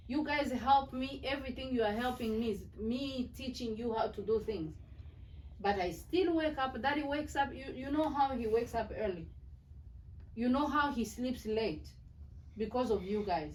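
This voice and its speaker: A middle-aged woman, a mother lecturing her children at a family meeting in a firm, earnest way. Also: a little high. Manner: firm, earnest, repeats "do you hear me". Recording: distant mic with faint background noise.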